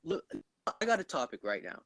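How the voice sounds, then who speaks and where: A man hosting a podcast in loud, rambling, stuttery casual chat, swearing often. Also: high-pitched, wildly swooping pitch, brisk, creaky. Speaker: podcast host.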